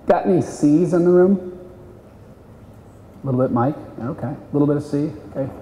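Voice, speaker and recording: A man coaching salespeople at a live seminar, animated and acting out client voices. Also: on the high side, normal speed, a little hiss or hum. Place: seminar room. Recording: echoey hall, voice from a distance.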